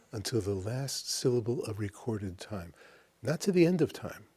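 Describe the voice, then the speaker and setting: A man with a somewhat low, husky voice talks as a spiritual teacher. He recites verse slowly and sometimes sinks to a breathy whisper. His delivery is reflective and unhurried. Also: a little mellow, no echo.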